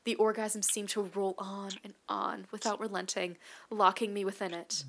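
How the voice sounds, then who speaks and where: A woman narrating an erotic audio story, mostly in a hushed, breathy whisper. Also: medium pitch, level tone, moderate pace. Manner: hushed, breathy, intimate delivery.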